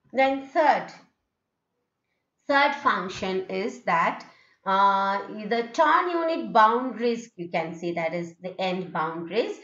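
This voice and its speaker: A woman with an Indian English accent lectures on intonation, pausing on fillers and okays and repeating example sentences with rising and falling tones. Her voice sits slightly high. The recording is roomy and dull, as if made in an echoey classroom on lo-fi gear. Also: a bit bright. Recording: echoey, dull lo-fi room sound.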